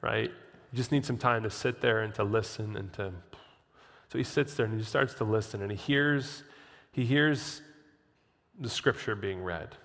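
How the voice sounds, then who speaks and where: Animated preacher man in a reverberant hall. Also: fairly low pitch, a little slow, pauses often. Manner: animated storytelling preacher, acts out inner voices. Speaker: pastor. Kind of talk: sermon.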